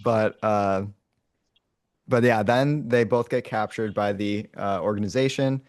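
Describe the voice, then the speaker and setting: Man, low voice, casual rambling storyteller, many fillers, acts out lines, dry room. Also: a little slow, dry recording. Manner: acts out lines and roars as he tells it. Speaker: podcast host retelling a movie. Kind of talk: casual storytelling to his brother.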